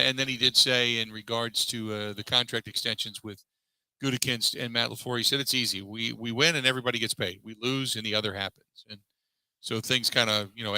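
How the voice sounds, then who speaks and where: A man's voice: medium pitch, bright, forceful tone, clear, resonant tone, no echo, low-quality recording. A man hosting a sports talk show, recapping a press conference and reeling off statistics in a conversational way, with many fillers. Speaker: sports radio host. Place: live broadcast from a pub.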